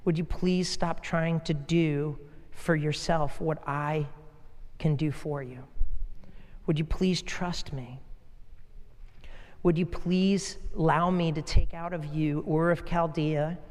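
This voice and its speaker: A soft, slow, coaxing God pleads with quiet patience, as a preacher puts him on in a sermon. The voice stays gentle throughout. It trails off into the long reverb of a large hall. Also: male voice, on the high side, fairly even intonation. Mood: gentle pleading.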